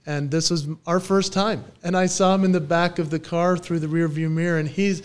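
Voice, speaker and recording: Animated man telling lively stories. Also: high voice, brisk. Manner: lively storyteller who acts out quoted voices. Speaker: guest, professional stage entertainer. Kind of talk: podcast interview.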